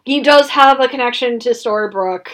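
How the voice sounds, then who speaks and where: Woman, podcast co-host, casual chat, animated, laughs a lot, fairly high voice. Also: moderate pace, a crowd in the background. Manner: animated, laughs often, trails off.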